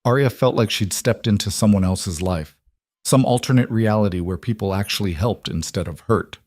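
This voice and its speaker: A man with a low voice narrates a scripted story in an even, measured way. The sound is dry and close, with no room around it. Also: dry recording.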